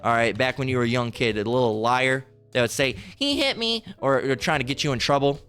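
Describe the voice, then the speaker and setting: A man's voice: medium pitch, level tone, fast talker, a bit bright, clean tone, faint music behind. A man preaching a heated, profane sermon, ranting, repeating himself and firing off rhetorical questions between scripture readings.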